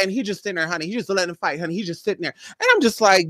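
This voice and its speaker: A woman's voice: lowish voice, expressive, racing, a bit bright, dry recording. A woman telling a neighborhood story in a casual, gossipy vlog. She talks animatedly, acts out other people's voices, and keeps calling the viewer "girl" and "honey". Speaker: spiritual reader and vlogger.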